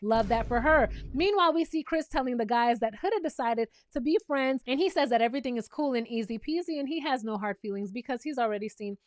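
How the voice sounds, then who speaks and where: A woman's voice: fairly high pitch, animated, quick pace, hardly any pauses, no room sound. A woman hosting a reality TV recap, talking in a sassy, blunt, teasing way with casual, opinionated commentary.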